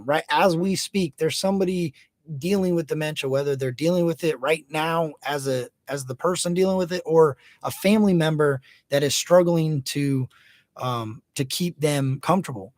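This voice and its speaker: A man's voice: fairly high pitch, moderate pace, a little mellow, no room sound. Laid-back man hosting a livestream. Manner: laid-back, hypes up viewers by name. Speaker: livestream host. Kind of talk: casual livestream chat.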